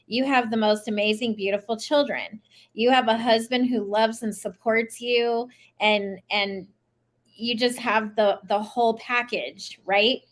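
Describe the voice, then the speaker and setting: Woman host cheering on her guest, kinda high voice, lots of encouragement. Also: fairly even intonation, unhurried. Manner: warm, affirming, encouraging. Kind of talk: casual interview.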